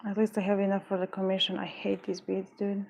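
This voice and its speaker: Speaking quickly in a monotone, this beadwork livestreamer has a warm, medium-pitched voice with vocal fry. She rambles and mutters in frustration during her casual crafting stream, sometimes swearing.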